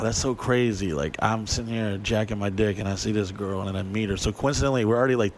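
A man with a mid-range voice animatedly recounts a crude, profane story for a podcast, imitating the voices of the people involved.

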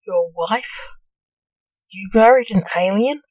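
A woman voicing a bored, lonely female hotel ghost who speaks politely and formally, in an unhurried way. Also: mid-range voice, a little mellow, dry recording.

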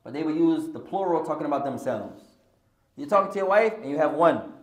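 Male teacher, fairly high voice, very animated, switches languages, jokes with the class, roomy echo. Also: fairly quick. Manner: switches between English and Arabic, jokes with students. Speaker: Islamic studies teacher. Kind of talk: classroom lesson with humorous asides. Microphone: podcast recording of a class.

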